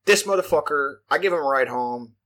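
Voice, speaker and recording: A man's voice: on the high side, expressive, a little fast, sharp tone. A man, telling a profane, rambling story in casual chat. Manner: profane, rambling, filler-heavy delivery.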